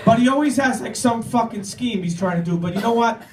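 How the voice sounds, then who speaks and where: A man's voice: extremely high pitch, fairly quick, very noisy. A man telling a long, profane comic story on stage, rambling and laughing as he goes. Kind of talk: live comedic storytelling. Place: live comedy show before an audience. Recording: echoey room, distant mic, crowd.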